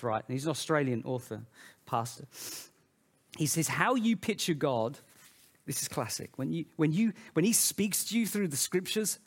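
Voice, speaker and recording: A man preaching a sermon in an animated way, swinging between loud, emphatic phrases and quiet, low asides. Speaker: pastor.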